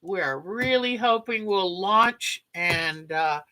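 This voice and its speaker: Chatty woman, bright voice, slow pace. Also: mid-range voice, expressive, slight background noise, rough recording. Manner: chatty, warm sign-offs, talks to viewers by name. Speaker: quilting livestream host. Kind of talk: casual livestream chat.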